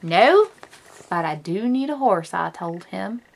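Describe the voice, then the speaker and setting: A woman's voice: medium pitch, animated, slow, creaky, exaggerated voice. A woman voicing a horse-mad little cowgirl in a put-on Western twang, reading a picture book aloud. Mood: eager. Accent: put-on American Western twang. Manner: drawling, folksy storybook read-aloud.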